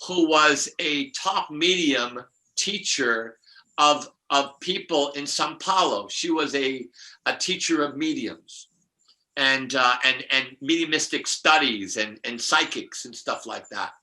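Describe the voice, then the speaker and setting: A man's voice: mid-range voice, takes it slowly, sharp tone, low-quality recording. An older man, a numerologist guest, telling rambling spiritual stories with many restarts and laughs.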